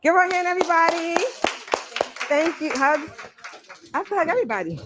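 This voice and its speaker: A woman's voice: very high-pitched, lively intonation, fairly quick, heavy background noise. A woman from the Bronx, teaching a Reiki workshop in a playful, chatty way. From the Bronx, New York. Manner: playful, chatty, laughs often. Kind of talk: live workshop demonstration. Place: library workshop room.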